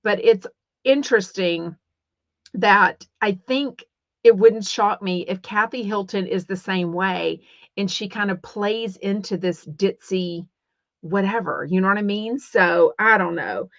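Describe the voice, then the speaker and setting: With a Texan accent, a middle-aged woman from Texas runs a rambling, casual livestream podcast full of fillers and restarts. She talks unhurriedly in a medium pitch with a fairly bright tone. The dry recording has a dull, lo-fi quality.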